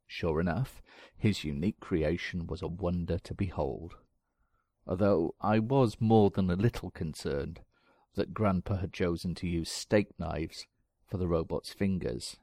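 A man's voice: deep voice, a little slow, a little mellow, dry recording. A man reading short stories aloud in scripted narration, with a dry, wry delivery. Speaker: storyteller.

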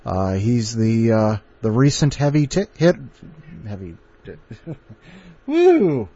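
A man's voice: fairly low pitch, lively intonation, warm tone, dull audio. Chatty, laughing male podcast host. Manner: chatty, laughing, halting with fillers. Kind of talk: casual podcast hosting.

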